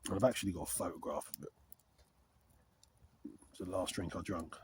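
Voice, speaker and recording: This is a wild camping vlogger, a middle-aged man, talking loosely and openly to the camera from his campsite in a frosty wood. His voice is low and a little fast, over a slight hiss or hum.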